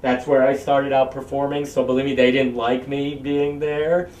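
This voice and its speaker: A man rambles through his stories in an interview, breaking into voices as he goes. His voice sits mid-pitch and sounds distant in a roomy space, with faint noise behind. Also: level tone, moderate pace, darkish tone. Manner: rambling, acts out voices in anecdotes. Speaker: puppeteer.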